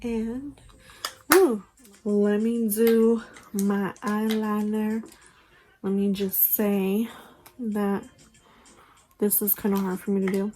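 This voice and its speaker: A woman's voice: mid-range voice, little pitch movement, takes it slowly, pauses often, mellow, slight background noise, poor audio. A young woman chatting casually through a makeup tutorial, rambling with lots of fillers, recorded on a phone at home. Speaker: beauty vlogger. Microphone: phone camera.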